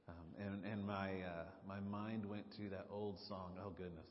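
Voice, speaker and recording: A man's voice: on the low side, normal speed. A man with a Southern drawl preaches in a loose, conversational way, stopping and restarting his thoughts. His voice carries a long echo through a church hall, and the live recording sounds a little muffled. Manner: casual, chatty, self-interrupting. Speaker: pastor. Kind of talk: sermon. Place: church sanctuary.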